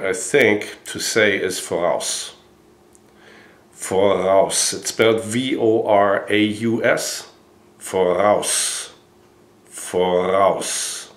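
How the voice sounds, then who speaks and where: A man from Germany with a German accent, a dog trainer patiently explaining and repeating each word slowly. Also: on the low side, reverberant. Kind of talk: instructional talk.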